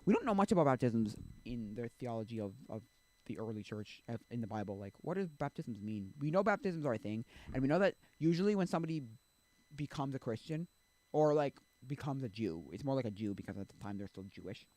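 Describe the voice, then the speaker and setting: A man's voice: medium pitch, brisk, dry recording. A man chatting on a stream in an everyday mid-range voice, thinking aloud about belief. He rambles and restarts his sentences, filling gaps with "like" and "um", and livens up when he acts out what people say. The sound is dry and close, with no room around it. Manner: rambling, self-interrupting, many fillers; animated when acting out quotes. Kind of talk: casual chat about faith.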